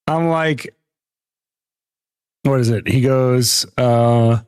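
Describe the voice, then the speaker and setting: A man's voice: fairly high pitch, big pitch swings, unhurried, no echo, studio quality. A man streaming a game live, mocking another player with crude, laughing commentary. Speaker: gaming streamer.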